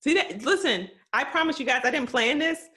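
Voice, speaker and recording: A woman's voice: high-pitched, animated, brisk, pushed and bright. A woman hosting a podcast interview, chatty and rambling, laughing easily between remarks. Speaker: podcast host.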